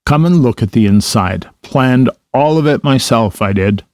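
A man's voice: mid-range voice, expressive, moderate pace, darkish tone, dry recording, clean studio sound, lightly acted. A man voicing a rich, boastful male toad who gushes and exclaims over his latest fancy.

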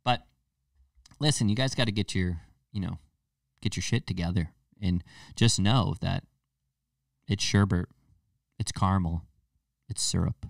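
A man's voice: sits low, unhurried, vocal fry, long pauses, dry recording, studio quality, far from the mic. A young man with a New England accent, hosting a casual comedic podcast and ranting in a rambling, profane, jokey way. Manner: rambling, profane, jokey rants with sudden loud jumps. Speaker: podcast host.

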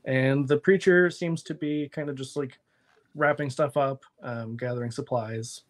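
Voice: medium pitch, steady tone, a little slow. A game master narrating a tabletop session in an easygoing way, breaking into laughter often. The talk stays loose and chatty.

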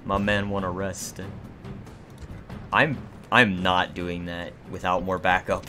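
A man's voice: low-pitched, level tone, takes it slowly, pushed and bright, faint music behind. A man giving casual gameplay commentary as a let's play host, joking and sarcastic with mock-dramatic complaints.

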